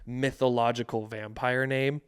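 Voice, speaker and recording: Casual male podcast co-host, smooth clear voice, rambles with lots of restarts and swearing. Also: medium pitch, level tone, unhurried. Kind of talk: casual chat.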